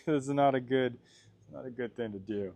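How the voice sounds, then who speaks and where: A man from Washington State streams from his blacksmith workshop, his voice sitting at an ordinary middle pitch for a man. He talks casually and laughs easily, reading his live chat aloud and answering it between tasks at the forge. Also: normal speed, vocal fry, background noise. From Washington State, USA. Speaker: blacksmith livestreamer. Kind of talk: casual livestream chat while working.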